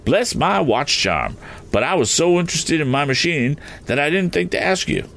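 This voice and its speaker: A flustered, eccentric gentleman, put on by a male reader, who rambles through his words and keeps sputtering fussy little oaths. The voice sits a bit above the reader's own and swings widely in pitch. A storybook character full of nervous excitement. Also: normal speed, gravelly, exaggerated voice. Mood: excited.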